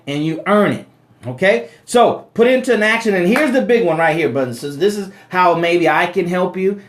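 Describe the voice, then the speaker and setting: Preachy man repeating his points. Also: on the high side. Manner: preachy, repeats key phrases, addresses listeners as brothers and sisters; stammers and restarts often. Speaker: host of a live money talk. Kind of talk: motivational live-stream talk.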